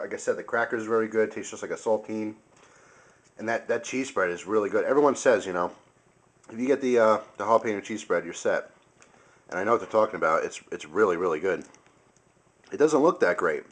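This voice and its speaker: A man's voice: fairly low pitch, fast. A young man casually reviewing food on camera, chatty and enthusiastic, sometimes talking with his mouth full. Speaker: video host.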